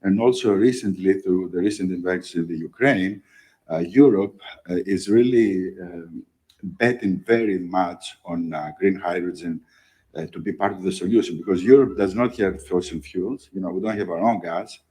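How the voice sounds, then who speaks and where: A man speaks in a very low voice, answering questions on a panel as a company executive. He talks haltingly, full of fillers, and drives his points home with tags like "okay?". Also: warm tone, rough recording. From Greece.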